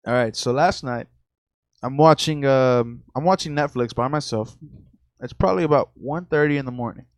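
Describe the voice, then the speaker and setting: A man's voice: mid-range voice, moderate pace, no room sound. A young man co-hosting a podcast in casual chat, easygoing and swearing freely. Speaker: podcast co-host.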